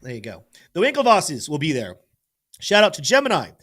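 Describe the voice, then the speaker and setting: Energetic guy hosting a crypto livestream, kinda high voice, talks to chat a lot. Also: fairly quick. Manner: energetic, talks to chat, stumbles over names. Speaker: crypto show host. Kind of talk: live-stream market commentary.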